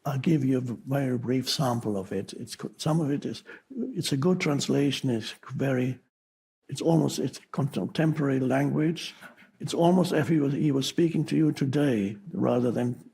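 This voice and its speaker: Man, spiritual teacher, breathy raspy voice, unhurried, pausing, restarts mid-word. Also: medium pitch, warm tone, low-quality recording. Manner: slow and halting, with pauses and restarts.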